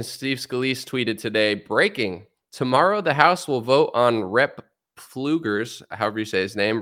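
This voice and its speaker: A man hosting a podcast, chatting casually about politics with jokes and sarcastic asides. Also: mid-range voice. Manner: joking, animated, sarcastic asides. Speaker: podcast host.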